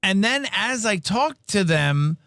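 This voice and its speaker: On a livestreamed podcast, a male co-host tells a story in casual chat, laughing a lot and performing the voices of the people he quotes. He speaks slowly in a high-pitched voice, and the studio-quality recording has no echo.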